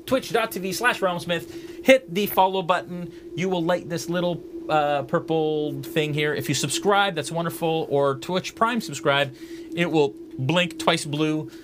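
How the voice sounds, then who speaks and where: A man narrating a tabletop game as game master and giving relaxed stream announcements with many fillers. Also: on the high side, a little slow, background noise. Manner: relaxed, loose, lots of fillers.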